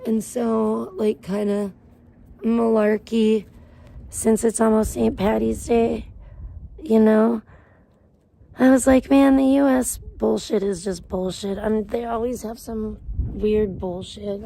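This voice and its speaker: A woman chats casually on her livestream, drifting from topic to topic and swearing freely. Her voice has a gravelly, fry-laden texture with a warm, mellow tone. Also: a little high, flat delivery, slow. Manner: rambling, profane ranting. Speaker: live streamer.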